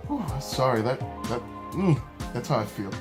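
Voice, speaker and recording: A man talks casually into the camera at home, earnest and chatty as he hands out advice. His voice sits at an ordinary middle pitch. Clear music plays behind him throughout. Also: sing-song, normal speed. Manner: chatty and earnest, giving advice with restarts and asides. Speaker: vlogger. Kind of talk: casual vlog chat. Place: his home, walking from bedroom to kitchen.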